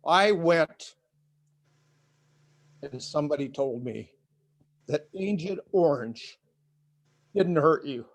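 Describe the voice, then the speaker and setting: An older man giving an indignant, emotional public comment over a video call, halting and repeating himself. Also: fairly high pitch, expressive.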